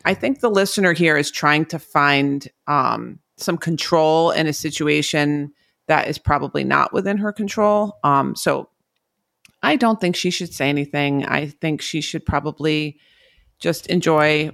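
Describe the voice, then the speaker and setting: A woman doctor co-hosting a podcast, giving advice in a thoughtful, measured way. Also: sits low, vocal fry, fairly bright tone, dry recording, clean studio sound. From Long Island, New York. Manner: thoughtful, measured, hedging with "um" and "you know". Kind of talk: casual podcast advice chat.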